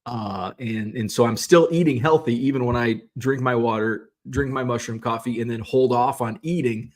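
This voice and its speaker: A man talks off the cuff from behind the wheel, rambling from one complaint to the next. He swears freely and sounds exasperated as he vents. His pitch sits in an ordinary middle range. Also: normal speed. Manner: rambling, profane, exasperated ranting. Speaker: vlog host. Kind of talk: casual rambling monologue.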